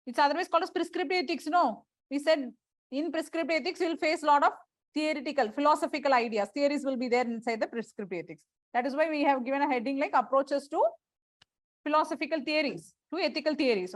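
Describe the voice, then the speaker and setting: A woman's voice: high voice, no echo. A woman teacher, dictating lecture notes to a class, repeating phrases and spelling out words letter by letter.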